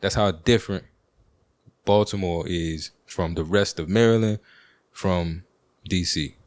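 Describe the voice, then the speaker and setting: A podcast host with a D.C. talks in a deep, low register and tells a loose story. He uses slang and plenty of fillers. The recording is dry and close, with no room sound. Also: unhurried, no room sound. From Washington, D.C. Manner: rambling, with slang and frequent fillers. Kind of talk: casual storytelling monologue.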